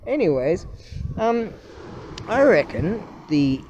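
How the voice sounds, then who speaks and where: A man's voice: high voice, sing-song, slow pace, darkish tone, dull audio, slight background noise. A man in a casual, profane, rambling rant, talking in a scornful way. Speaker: vlogger.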